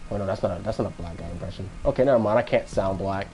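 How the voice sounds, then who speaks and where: A Florida man in his twenties talks fast in a low, dark voice, with a little hiss or hum in the recording. He's chatting casually on a live stream, rambling, joking, and restarting his sentences often.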